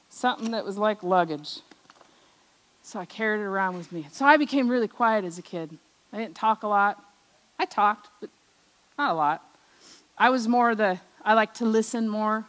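Woman, middle-aged, personal testimony sermon, fairly high pitch, storytelling, soft line endings. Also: rough recording. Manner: storytelling, acts out remembered voices, drops soft at ends of lines. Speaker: speaker at a church service.

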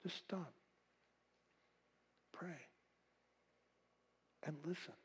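Husky older man preaching. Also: high-pitched, drawn-out words, poor audio. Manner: folksy storytelling, swings from loud to hushed. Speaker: pastor. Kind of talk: sermon.

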